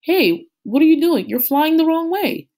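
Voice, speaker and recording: Gentle young guy talking to his falcon, soft and tender, a lady reading his lines. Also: medium pitch, animated, moderate pace, voice pushed up. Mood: calling out.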